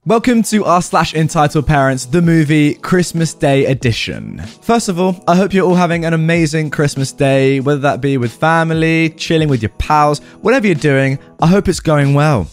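Casting: male host, animated delivery, faint music bed. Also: fairly high pitch, brisk, few pauses. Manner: upbeat, lively reading. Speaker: host and story narrator. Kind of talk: scripted online story narration. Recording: voice-over with faint music behind.

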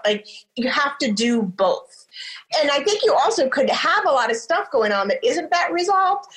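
A woman's voice: on the high side, a bit bright, poor audio. A woman therapist hosting a casual talk, speaking conversationally with many fillers. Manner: conversational, frequent "you know what I mean". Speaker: therapist and host. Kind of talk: casual chat.

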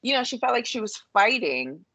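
A woman's voice: a little high, very animated, normal speed, bright, forceful tone, breathy edge, dry recording. A woman with a New York accent co-hosting a casual chat, blunt and profane with lots of fillers. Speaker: podcast co-host. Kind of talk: casual chat about reality TV.

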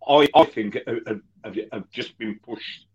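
A man speaks very slowly on a video call, measured and pausing on "um" as he thinks. His sound is a bit dull and lo-fi. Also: mid-range voice, darkish tone, slightly rough. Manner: slow and measured, with many "um" pauses. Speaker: fan guest. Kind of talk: casual chat.

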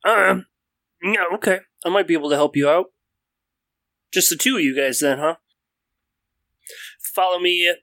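A man's voice: high voice, normal speed, pauses often, bright, forceful tone, voice pushed up. A man voicing a terse, guarded male sandwich-cart vendor in a tabletop game, with a dry delivery. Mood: sly.

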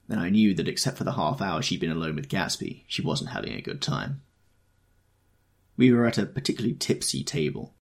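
A man reading a novel aloud in a measured, first-person storytelling manner. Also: low-pitched, vocal fry, slightly rough. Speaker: audiobook reader.

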